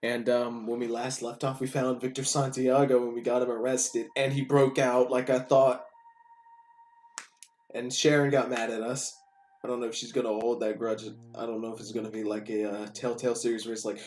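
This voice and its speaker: A man reads a story game aloud in a casual, chatty way, with incredulous outbursts between passages. His voice sits at an ordinary pitch, and soft music plays underneath. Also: level tone, moderate pace. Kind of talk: casual let's-play narration.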